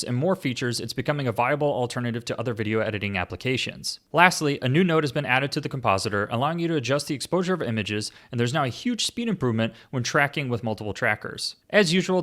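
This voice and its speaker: A man hosting a scripted software update overview, with joking asides. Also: a little high. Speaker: tech video host.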